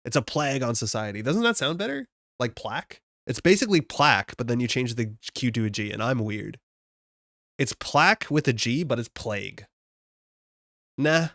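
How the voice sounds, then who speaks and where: A young Canadian man from Alberta thinks aloud on a live stream, chatty and self-mocking. His voice is gravelly, and his pitch jumps around a lot. The sound is close and dry. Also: very animated, normal speed, a bit bright, dry recording. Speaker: streamer building a card game deck. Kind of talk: casual live-stream chat.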